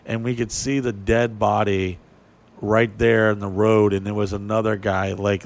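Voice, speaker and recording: A man casually telling a story, animated and profane, acting out what people said in a raised voice. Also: lowish voice.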